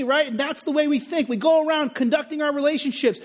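A man's voice: very high voice, fast talker, few pauses. A male pastor preaching a sermon on a parable, acting out the characters' lines with dramatic emphasis.

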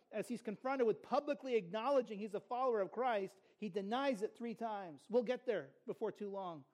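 A man's voice: high-pitched, darkish tone. A man preaching a sermon as pastor, earnest and conversational, with playful asides to the congregation.

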